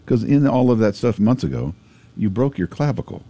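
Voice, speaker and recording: A man's voice: fairly low pitch, sing-song, normal speed, warm tone. A man co-hosting a casual radio show from the studio, rambling and joking and asking lots of questions. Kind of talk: casual morning radio banter.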